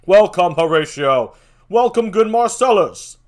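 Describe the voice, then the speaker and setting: A man voicing a jumpy young male castle sentry, declaiming old verse loudly. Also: fairly high pitch, animated, measured pace, voice pushed up. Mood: alarmed. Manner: loud, sharp, raised declamation.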